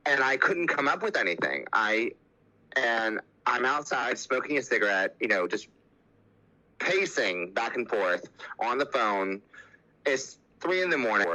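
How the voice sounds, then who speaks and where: Guy on a podcast telling his story real casual, bright tense tone, lots of likes and you knows. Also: on the low side, rough recording. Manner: candid, frequent "like" and "you know" fillers. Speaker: podcast guest.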